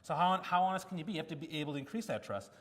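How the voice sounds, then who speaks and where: A man speaks at a conference in a lively storytelling manner and acts out the lines of people in his anecdotes. His voice sits a little higher than most men's. The sound carries the long reverb of a large hall. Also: racing. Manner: animated storytelling with acted-out quotes. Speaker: keynote speaker. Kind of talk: conference talk.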